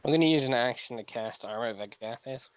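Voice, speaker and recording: A man playing a tabletop game, animated and jokey in casual talk. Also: mid-range voice, fast talker, slight background noise, rough recording. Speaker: player.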